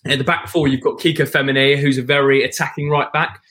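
A man's voice: medium pitch, fairly even intonation, fast, pushed and bright. Rambling man talking football as a fan guest. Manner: long-winded, frequent restarts and throat clearing. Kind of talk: casual podcast chat.

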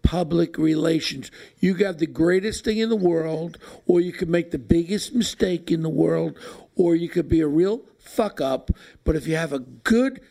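Gravelly brash New York man. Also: on the high side, moderate pace, warm tone. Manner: brash, joking, rambling. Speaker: podcast host. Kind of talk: casual chat.

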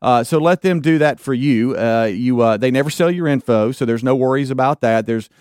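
A man's voice: mid-range voice, brisk, darkish tone, no room sound, clean studio sound. A middle-aged man hosting a casual talk radio show, rambling with lots of fillers and restarts.

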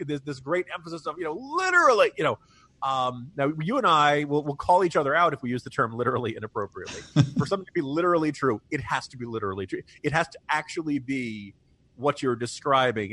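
Speaking quickly in a medium-pitched, somewhat bright voice, a man co-hosts a political podcast. As a commentator he keeps the talk casual and wry, often laughing at his own jokes.

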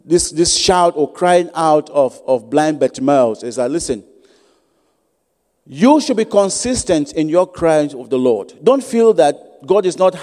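In a church sanctuary with long reverb, a guest preacher delivers a sermon. His voice is a little high with a dark tone, and he repeats key phrases for emphasis.

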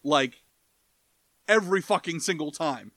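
A man talks through a film review in loose, rambling podcast chat, swearing freely. His voice sits a bit high. The recording is dry and close. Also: lively intonation, unhurried, a bit bright, no room sound. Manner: rambling, profane, does goofy impressions. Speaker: podcast co-host. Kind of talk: casual movie review chat.

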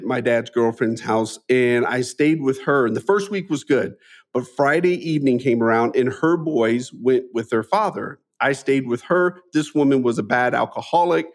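A man in his forties speaks as a guest in a conversational interview, telling his life story with earnest, animated energy. He restarts phrases often and drops in a friendly "man" as he talks. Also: medium pitch. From Midwestern US. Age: 40s.

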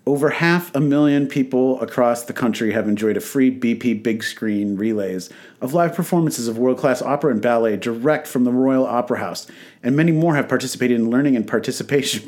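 A man on a radio talk show casually reads a press release on air, laughing, making jokes, and correcting his own slips. He speaks at medium pitch and a moderate pace, with a slightly mellow quality.

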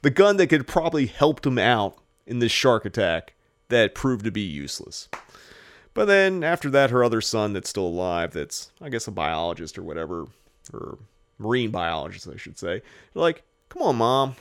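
A man hosting a movie podcast in casual chat, animated and profane, joking and acting out characters. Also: on the low side, moderate pace. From Los Angeles area. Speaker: podcast host.

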